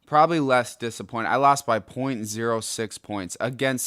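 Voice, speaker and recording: A young adult man hosting a solo podcast, ranting in an angry, exasperated way with sudden loud outbursts. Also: medium pitch, moderate pace, hardly any pauses, smooth, dry recording, studio quality. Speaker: podcast host.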